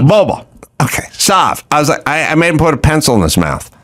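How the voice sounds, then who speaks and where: A man's voice: a little high, big pitch swings, fast talker, fairly bright tone, no echo, studio quality. A middle-aged man hosting a podcast in casual chat, rambling and exasperated as he tells stories. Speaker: podcast host.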